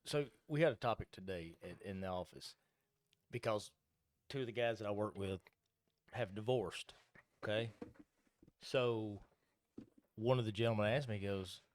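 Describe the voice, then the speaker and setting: A man's voice: lowish voice, moderate pace, pauses often, no room sound, clean studio sound. A man co-hosting a casual podcast chat, telling a story in a laid-back, plain way. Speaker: podcast co-host.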